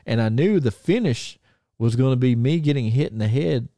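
A man's voice: mid-range voice, expressive, normal speed, mellow, no room sound, studio quality. A man with a Southern country accent, co-hosting a podcast and telling rambling stories with frequent laughs. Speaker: podcast co-host. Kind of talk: casual chat, storytelling.

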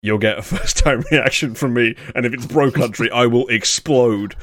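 A man's voice: mid-range voice, normal speed, fairly bright tone, no echo, studio quality. A British man hosting a podcast, chatting in a sardonic way and laughing often. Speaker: podcast host. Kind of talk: casual podcast chat.

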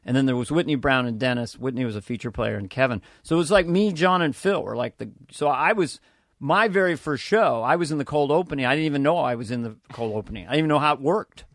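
A man, a comedian guest, telling lively stories in a casual podcast interview, dropping into quoted voices and swearing now and then. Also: mid-range voice, fast talker, no room sound.

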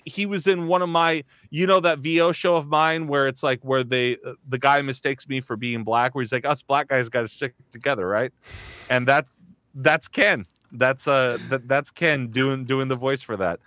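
A man's voice: mid-range voice, moderate pace, sharp tone, no room sound, studio quality. A man hosting a casual chat, rambling with constant fillers and restarts. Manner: rambling, heavy use of "like", restarts. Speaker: host, voice actor.

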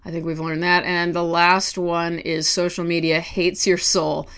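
A woman artist talking to camera at home, ranting with quick restarts and asides. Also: lowish voice, flat delivery, fairly bright tone, clean tone. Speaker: artist vlogger. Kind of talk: casual talk to camera.

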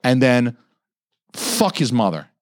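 A man in his thirties rants on his podcast, swearing freely and putting on higher voices to quote others. His voice sits at a middling pitch and sounds dry and close to the mic. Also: takes it slowly, dry recording. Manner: animated, heavy swearing, mock-quoting others in raised pitch. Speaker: podcast host. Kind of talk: casual profane podcast rant.

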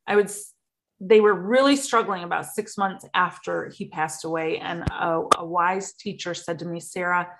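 A woman's voice: medium pitch, slight background noise. A woman in a casual conversation, talking earnestly and openly about feelings. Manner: earnest, openly emotional talk. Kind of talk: casual chat.

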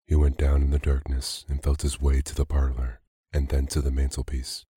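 Male storyteller for a sleep story: very deep, dark, husky, calm even delivery. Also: no room sound, studio quality. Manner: slow, calm, even reading. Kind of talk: bedtime story narration for sleep.

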